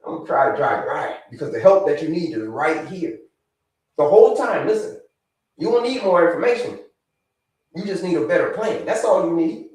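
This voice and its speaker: A man hosting a live health stream, talking with viewers in an energetic, repetitive way and giving them shout-outs. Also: fairly high pitch, moderate pace, far from the mic. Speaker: livestream host, health coach. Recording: echoey room, away from the mic.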